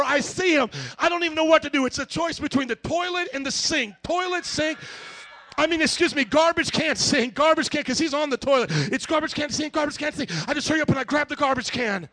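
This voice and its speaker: A male pastor preaching a sermon, telling stories in an animated way and shouting as he acts them out. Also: very high voice. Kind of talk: sermon with storytelling.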